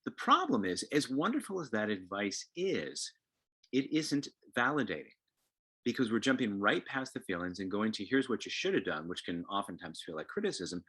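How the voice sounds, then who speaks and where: Brief: male parenting speaker, husky voice with a very lively, swinging pitch, acts out the quotes. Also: moderate pace. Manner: animated, acts out quotes, repeats words. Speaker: co-presenter on parenting.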